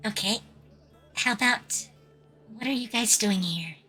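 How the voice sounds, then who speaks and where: A woman's voice: a little high, measured pace, pushed and bright, soft background music. A woman playing a tabletop game, speaking in a laid-back way. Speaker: player.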